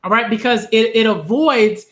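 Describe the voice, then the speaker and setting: Man, vlog rant, exasperated, animated, repeats himself for emphasis, sharp bright tone. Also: high-pitched, moderate pace. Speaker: manga commentator. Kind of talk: ranting commentary vlog.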